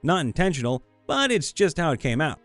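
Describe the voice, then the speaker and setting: Lively, playful male voice actor. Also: fairly high pitch, brisk, faint music behind. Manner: playful, upbeat, goofy. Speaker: voice actor and story narrator. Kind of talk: reading fan stories for a channel.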